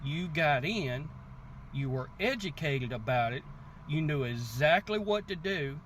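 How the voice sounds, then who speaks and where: Animated man talking crypto outdoors. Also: on the high side, a little slow, a little hiss or hum. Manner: animated storyteller, repeats "guess what" and acts out quotes. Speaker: crypto channel host. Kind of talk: casual motivational talk to camera.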